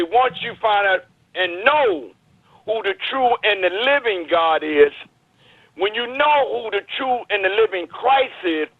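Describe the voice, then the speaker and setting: A man's voice: extremely high pitch, no room sound. A man calling in to a talk show, preaching his views in an urgent, emphatic way. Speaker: caller. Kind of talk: impassioned call-in commentary. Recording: tinny phone line.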